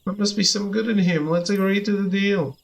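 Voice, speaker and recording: A man voicing a courteous, reasonable soldier who speaks in a measured way. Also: high voice, steady tone, creaky, poor audio. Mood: calm. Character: level-headed, polite male soldier.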